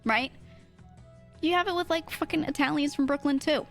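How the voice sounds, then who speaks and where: A woman's voice: sits high, fast, creaky, soft background music. A young woman streamer, chatting casually with chat, laughing often and swearing freely. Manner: laughing, swearing, animated asides.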